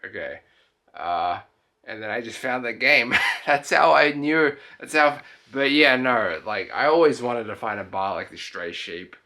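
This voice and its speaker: A man's voice: mid-range voice, expressive, unhurried, sharp tone. Tipsy, tired young man rambling. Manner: rambling, self-interrupting, loose speech. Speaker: travel vlogger. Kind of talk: casual late-night vlog chat.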